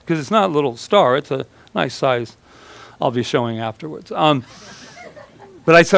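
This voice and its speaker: A man's voice: a little high, normal speed, gravelly, fairly bright tone, dry recording. A male minister giving a chatty sermon, telling stories and acting out quoted voices with humor. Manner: storytelling, acts out quoted voices; chatty, laughs with congregation.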